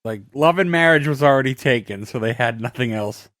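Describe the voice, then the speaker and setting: Wry man with a lively voice. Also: medium pitch, fairly quick, no room sound, studio quality. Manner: wry, joking asides. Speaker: podcast co-host. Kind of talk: casual chat.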